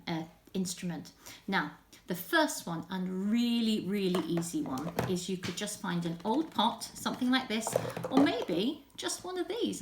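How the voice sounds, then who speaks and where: Animated woman telling a children's story. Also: mid-range voice, heavy background noise. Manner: animated, drops to whispers. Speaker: children's group leader. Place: at home.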